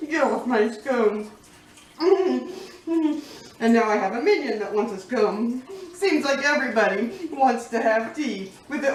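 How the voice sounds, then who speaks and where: A high-voiced woman chatting through a home cooking vlog, unhurried and giggly, talking to her pets between steps. She sounds set back from the mic in an echoey kitchen with faint room ambience behind her. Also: expressive, distant mic, a little hiss or hum. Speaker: cooking vlogger. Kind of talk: casual cooking vlog chat.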